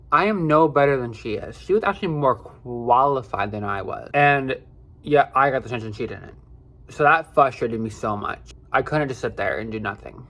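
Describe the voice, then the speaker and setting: A man's voice: medium pitch, normal speed, a bit bright. A young man telling a personal story in a casual vlog, rambling with many fillers, swearing and getting worked up. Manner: rambling, filler-heavy, emotional and profane.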